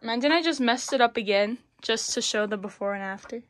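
A woman's voice: a little high, a little fast, fairly bright tone. A young woman vlogging casually at home, chatty and laughing often as she cleans a bedroom. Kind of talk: casual chat.

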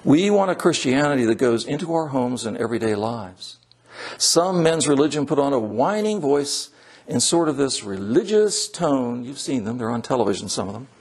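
A male priest preaching a sermon in church. He is emphatic, repeats his key phrases and slows down to stress his points. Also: medium pitch, big pitch swings, darkish tone, slightly rough.

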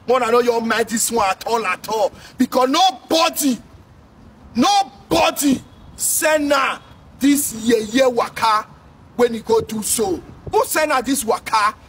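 A man from Edo State with a Nigerian Pidgin English accent, delivering a loud, sing-song scolding commentary. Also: very high-pitched. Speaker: social commentator. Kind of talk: ranting commentary. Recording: distant mic with faint noise.

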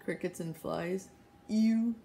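A woman reading a children's chapter book aloud, pausing to show and explain the pictures. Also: medium pitch, vocal fry, warm tone, a little hiss or hum. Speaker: reader. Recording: roomy echo.

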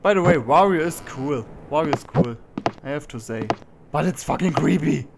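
A man's voice: fairly high pitch, animated, moderate pace, vocal fry, background noise. A man giving let's play commentary on a horror game, talking to himself and yelping when he is startled. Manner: jumpy, talks to himself, yelps when startled.

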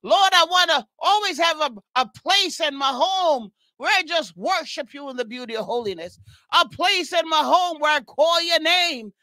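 Woman prayer leader going hard, bright ringing voice, lots of oh glory cries. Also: high-pitched, lively intonation, normal speed, no room sound. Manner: impassioned, repeating praise cries, bursts into tongues. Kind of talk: fervent spoken prayer and exhortation.

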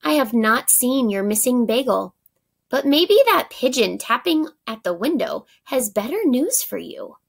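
A woman voicing a kind woman baker in a storybook, speaking politely and gently. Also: on the high side, big pitch swings, unhurried, gravelly, slightly rough, heavily acted. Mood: apologetic.

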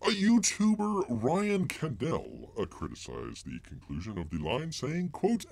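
A man hosting a rambling live-stream commentary, his pitch leaping and dropping all over the place. He mocks his targets, stumbles through constant filler words and refers to himself in the third person. The sound is close and dry. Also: huge pitch swings, a little slow, gravelly, few pauses, a little mellow, no echo. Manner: heavy filler words and restarts.

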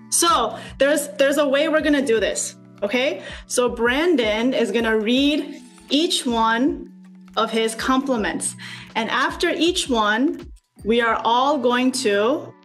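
Slow, coaxing high-voiced woman. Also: faint music behind. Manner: slow, coaxing, asks many questions. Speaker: speaker leading a student workshop. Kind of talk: encouraging group facilitation over video call. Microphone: video call.

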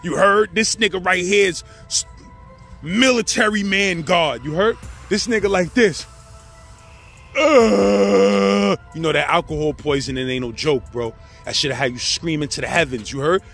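A man with a New York accent telling prison stories in a casual, animated, slangy way. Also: a little high, normal speed, breathy edge, soft background music. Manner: animated, slangy, acts out the people in his story. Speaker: storyteller host.

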